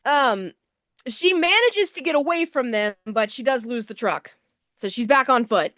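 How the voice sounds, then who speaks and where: A woman's voice: sits high, expressive, measured pace, a bit bright, no echo. A woman co-hosting a movie review show, recapping the plot in a casual, wry, sarcastic way. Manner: sarcastic, wry, swears offhandedly.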